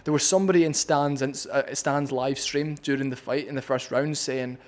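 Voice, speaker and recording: A man with a Scottish accent talks through a fight in a casual vlog breakdown. He is blunt and opinionated, swearing freely as he argues his case. His voice sits at an ordinary mid pitch. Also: fairly even intonation, moderate pace. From Scotland. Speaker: MMA commentator.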